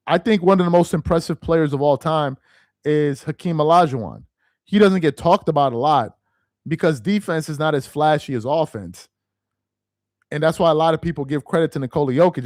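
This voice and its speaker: A man hosting a sports talk live stream in a laid-back, rambling way, peppering his talk with "man" and "bro". His voice sits a bit high for a man. The sound is dry and close, with no room echo. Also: a little mellow. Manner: loose and rambling, with restarts.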